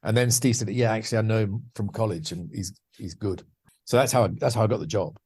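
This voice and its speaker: Chatty English actor telling stories. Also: male voice, on the low side, quick pace, darkish tone, slightly rough. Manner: chatty, self-deprecating, frequent restarts, acts out quotes. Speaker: podcast guest, actor. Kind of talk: anecdotal interview storytelling.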